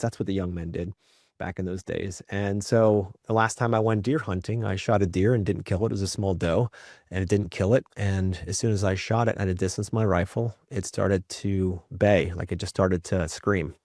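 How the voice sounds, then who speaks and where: Reflective father telling a story, low voice. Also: moderate pace, no echo, clean studio sound. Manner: reflective, often asks for agreement with "right?"; lively acted-out quotes in his stories. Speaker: podcast guest, father. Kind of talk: candid storytelling in conversation.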